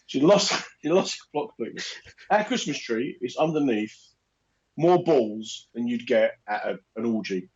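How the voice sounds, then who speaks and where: A man co-hosting a casual chat, telling animated stories and acting out other people's lines. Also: mid-range voice, moderate pace. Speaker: podcast co-host. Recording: muffled lo-fi recording.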